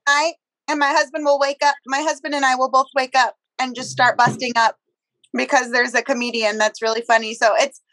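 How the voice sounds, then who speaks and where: An easygoing woman in casual podcast talk, with a very high, bright voice. Her voice sounds close and dry. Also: little pitch movement, fairly quick, no room sound, low-quality recording. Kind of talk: casual chat.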